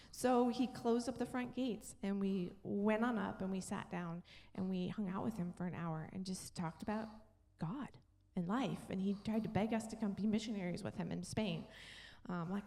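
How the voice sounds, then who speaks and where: A woman's voice: medium pitch, moderate pace, warm tone, slight background noise. A middle-aged woman pastor telling a story in a sermon, acting out the voices of the people in it. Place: church sanctuary. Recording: long church hall reverb.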